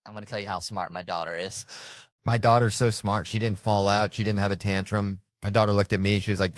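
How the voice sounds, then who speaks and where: A man doing stand-up comedy, telling stories in a loose, conversational way with animated asides. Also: lowish voice, brisk, no echo, studio quality.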